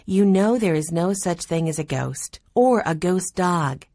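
A woman's voice: lowish voice, animated, unhurried, a little mellow. A woman voicing a practical, level-headed older sister in a storybook reading. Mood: matter-of-fact. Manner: matter-of-fact.

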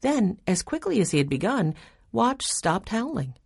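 A woman narrating a children's storybook aloud in an expressive reading style. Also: mid-range voice, normal speed, vocal fry, husky.

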